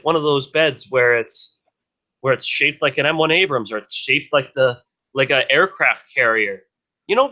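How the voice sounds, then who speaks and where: A man's voice: fairly high pitch, sharp tone. A man co-hosting a casual podcast, rambling with many restarts and fillers. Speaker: podcast co-host.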